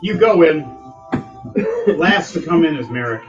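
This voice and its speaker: A man's voice: on the high side, animated, unhurried. A man running a tabletop game as game master, casually calling for rolls and narrating. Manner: casual, instructive, calls for rolls. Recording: dull sound with music behind.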